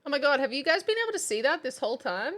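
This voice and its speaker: A woman's voice: high-pitched, sing-song, very fast, fairly bright tone. A woman streaming as a playful mock substitute teacher, chatting casually and reading out viewers' names.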